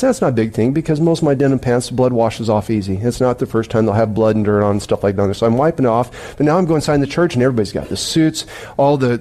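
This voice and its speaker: Storytelling pastor man, mellow voice. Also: mid-range voice. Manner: storytelling, rambling with restarts, emphatic. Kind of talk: sermon with dream story.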